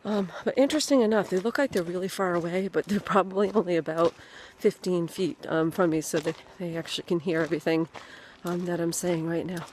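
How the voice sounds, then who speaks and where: Halting, mock-serious woman outdoors. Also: fairly low pitch, darkish tone, a little hiss or hum. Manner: halting, filler-heavy, mock-serious delivery. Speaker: comedian presenting mock field reports. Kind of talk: deadpan mock documentary narration. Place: outdoors, on location.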